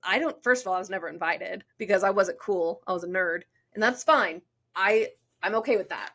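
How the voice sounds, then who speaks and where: Young female co-host, casual and giggly, reads listener stories with a lot of animation, mid-pitched voice. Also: a little fast. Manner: chatty, giggly, animated when reading stories. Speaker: podcast co-host. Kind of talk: casual chat and reading listener stories aloud.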